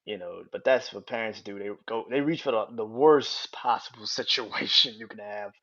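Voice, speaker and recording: The voice is lowish and fairly bright, moving at a normal pace. It belongs to a podcast host on his own show, who rambles through a personal story, repeating himself, cursing freely and chuckling a lot, all captured in dull lo-fi sound.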